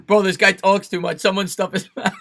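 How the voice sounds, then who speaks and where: A man's voice: high-pitched, little pitch movement, a little fast, a bit bright. A young man with a New York accent hosting a casual sports live stream, chatting with viewers and thanking them by name.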